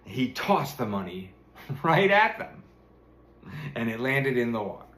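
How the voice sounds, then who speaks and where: A man's voice: medium pitch, a bit bright. A man reading a fairy tale aloud, chuckling now and then as he narrates. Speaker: storyteller. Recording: roomy echo.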